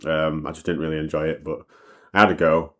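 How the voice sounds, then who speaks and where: A man's voice: extremely low pitch, flat delivery, fairly bright tone. A man telling a personal story in a rambling, sweary way, full of restarts and repeats. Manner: talks fast and knows it. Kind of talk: casual storytime monologue.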